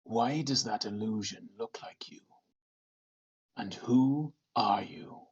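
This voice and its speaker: Menacing stranger, low and husky, drawling slowly, as a man plays him, muffled lo-fi sound. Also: flat delivery, exaggerated voice. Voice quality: husky, hushed, drawn-out. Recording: dull lo-fi sound.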